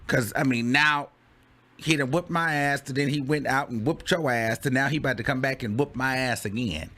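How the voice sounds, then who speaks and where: A man's voice: mid-range voice, moderate pace. A man hosting a casual commentary show, laughing often and acting out scenes dramatically. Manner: laughing, animated, dramatic reenactments. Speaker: host.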